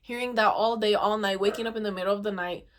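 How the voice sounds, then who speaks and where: A young woman hosting a casual storytime chat, animated and exasperated, full of "dude" and "oh my God.". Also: medium pitch, fast talker, a little hiss or hum. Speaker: podcast host.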